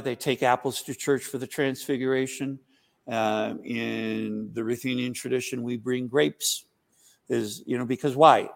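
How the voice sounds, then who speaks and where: A gravelly male priest answers questions at a mid pitch. He explains at length and rambles, with many ums and uhs as he goes. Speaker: Byzantine Catholic priest.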